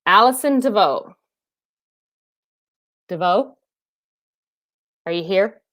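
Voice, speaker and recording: A woman's voice: medium pitch, lively intonation, slow pace, fairly bright tone, dry recording, clean studio sound. A woman fitness trainer hosting a casual live stream, chatting and laughing with viewers and calling them by name.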